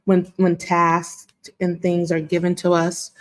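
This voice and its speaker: A woman's voice: fairly low pitch, completely flat delivery, slow. A woman speaking as a panel guest in casual chat, earnest and emphatic.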